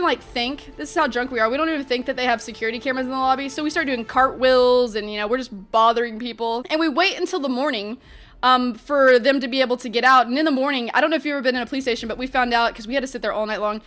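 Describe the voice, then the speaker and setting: A young woman vlogger telling a story in an animated, chatty way, full of fillers. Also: high-pitched, fast. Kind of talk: storytime vlog.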